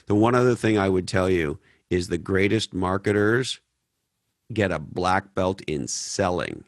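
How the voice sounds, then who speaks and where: A man's voice: sits low, animated, a little slow, dry recording. A man from Canada hosting a podcast Q&A, blunt and profane, telling stories in a casual way. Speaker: podcast host. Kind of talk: casual Q&A talk.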